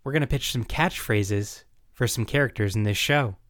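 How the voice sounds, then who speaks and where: A man's voice: mid-range voice, normal speed, fairly bright tone, dry recording, clean studio sound. A man hosting a comedy podcast, leading the segments in a playful, casual way. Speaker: podcast host.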